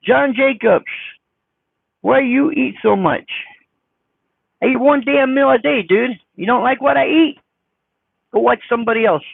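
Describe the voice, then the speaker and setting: A man with a squeaky voice, chatting casually on a live stream as he reads viewer comments, blunt, defensive and folksy. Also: measured pace, vocal fry, long pauses, slightly rough, dry recording. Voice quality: squeaky high voice. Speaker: trucker vlogger reading live chat. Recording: dry, phone-like sound.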